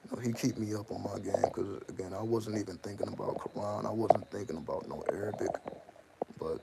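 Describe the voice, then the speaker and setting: A man's voice: lowish voice, fairly even intonation, a little fast, creaky, heavy background noise. A man talking casually to the camera about his life, loose and slangy, often repeating himself and asking "you know what I mean". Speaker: channel host. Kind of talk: casual spoken monologue.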